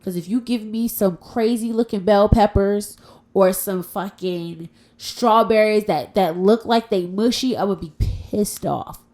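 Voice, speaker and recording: A woman's voice: medium pitch, measured pace, darkish tone. A woman hosting a casual solo podcast from home, talking in a frank, profane and playful way. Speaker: podcast host.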